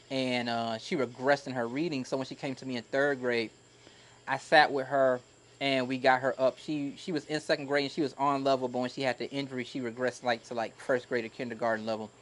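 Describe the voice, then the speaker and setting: Animated, heartfelt male storyteller. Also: medium pitch. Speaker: podcast co-host, former teacher. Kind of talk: casual conversational storytelling.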